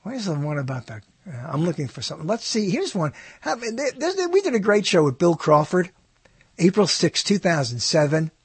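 A male radio host talks in a husky, slightly raised voice. He rambles and mutters, trailing off mid-sentence. The sound is dry and close. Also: high-pitched, sing-song, moderate pace, dry recording. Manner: mutters and trails off while searching. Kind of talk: rambling talk while browsing old recordings.

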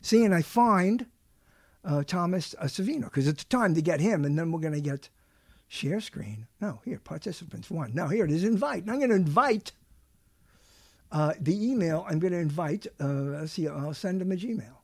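A man's voice: fairly high pitch, expressive, moderate pace, no room sound, studio quality. A man hosting a talk show, chatting casually in a rambling, joking way with lots of fillers and restarts.

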